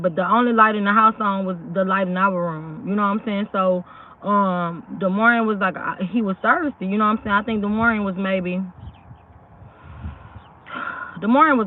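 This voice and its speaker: A woman's voice: mid-range voice, normal speed, a little hiss or hum. A woman recounts a personal story in a loose, rambling way, with lots of restarts and frequent check-ins with her listeners. The sound is thin and tinny, like a voice coming through a phone line. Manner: rambling, keeps asking "you know what I'm saying". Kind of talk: casual spoken true story.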